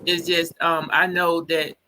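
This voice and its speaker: A man's voice: a little high, monotone, unhurried, bright, forceful tone, slight background noise, rough recording. A man joining a live chat, supportive and laid-back, laughing easily. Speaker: chat participant. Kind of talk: casual chat.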